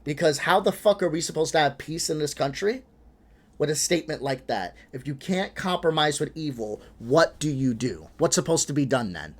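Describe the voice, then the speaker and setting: A man hosting a reaction video, talking in a frustrated, animated way, swearing and laughing between points. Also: fairly high pitch, normal speed. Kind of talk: casual reaction commentary.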